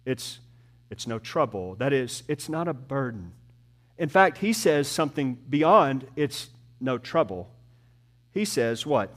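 A man preaching a sermon to his church as pastor, earnest, building up and then dropping to soft, slow emphasis. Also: mid-range voice, big pitch swings.

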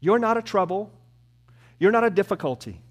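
Preaching to his congregation, a pastor speaks earnestly, building intensity before falling back to soft, slow emphasis. He has a high voice with lively intonation.

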